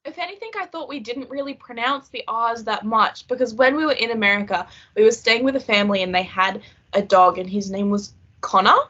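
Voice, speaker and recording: Young Australian woman, giggly storyteller, slightly high and husky, lo-fi call audio. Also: brisk, pushed and bright. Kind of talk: casual chat over a video call. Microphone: video call. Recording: dull lo-fi video call audio.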